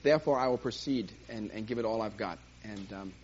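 A man teaching a church class in a lively, jokey way, acting out little scenes, on a dull lo-fi recording with faint hiss. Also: lowish voice, fairly quick.

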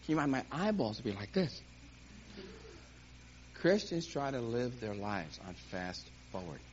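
A man teaching a church class in a lively, jokey way, acting out little scenes, on a dull lo-fi recording with faint hiss. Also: mid-range voice, a little slow.

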